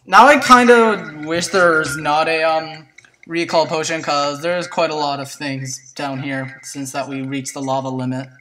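A gameplay commentator chatting to viewers in a let's play, excitable and prone to yelps and shrieks at surprises. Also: medium pitch, a little slow, recorded from a distance, a little hiss or hum, rough recording. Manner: chatty, talks to viewers as "guys".

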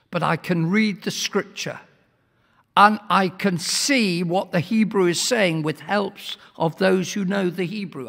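A man preaches to a congregation in a high, gravelly voice. He pushes his points hard and sometimes nearly shouts. Long reverb rings around him in the church hall. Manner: emphatic, swells to near-shouts, asks the congregation questions. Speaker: guest preacher. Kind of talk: sermon.

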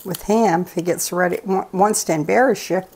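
A low, gravelly older woman chats in a folksy, rambling way as she makes a dish, drifting into stories between steps. Her voice is rough with fry and sits on the low side. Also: a little fast, a little mellow. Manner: rambling, folksy, chatty asides. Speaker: cooking show regular, host's mother. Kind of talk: casual storytelling while cooking.

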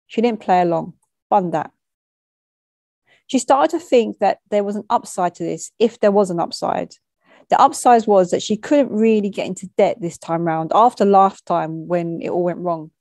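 A woman narrates a short story in a measured, matter-of-fact way, with bits of street slang. Her voice is mellow and mid-pitched. The recording is dry and close. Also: no echo. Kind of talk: reading a short story aloud.

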